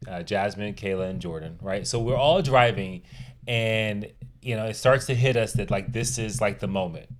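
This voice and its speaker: A man's voice: fairly low pitch, moderate pace, a little hiss or hum. A man co-hosting a podcast, telling a family story in casual chat, laughing often and teasing easily. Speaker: podcast co-host.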